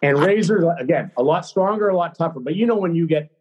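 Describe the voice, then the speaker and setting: A middle-aged man, a former hockey player, telling a story as a podcast guest in a blunt, excitable, profane way. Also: on the high side, quick pace, breathy edge, muffled recording. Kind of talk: casual storytelling.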